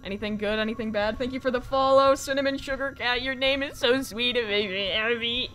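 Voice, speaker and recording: A young woman streaming a horror game live, reacting with excitement, swearing, and thanking her viewers. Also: high voice, brisk, slight background noise. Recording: music playing faintly behind. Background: faint game music.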